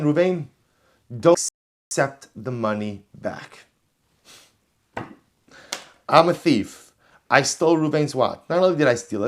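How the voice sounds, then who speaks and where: A man, a rabbi, giving an emphatic Torah lesson, reading phrases and repeating key lines for emphasis. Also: a little high. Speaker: rabbi teaching. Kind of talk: Torah class lecture.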